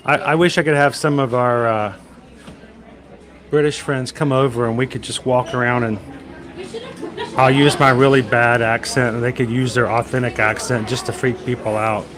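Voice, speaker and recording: Walking along a theme park path, a livestream host chats casually, meandering and tossing in light jokes as the busy crowd murmurs behind him. His medium-pitched male voice has fairly even intonation and a moderate pace.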